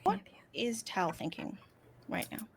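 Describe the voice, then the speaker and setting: A woman's voice: mid-range voice, a little slow, a little hiss or hum. A young adult woman running a tabletop game as game master, giggly and a bit scattered.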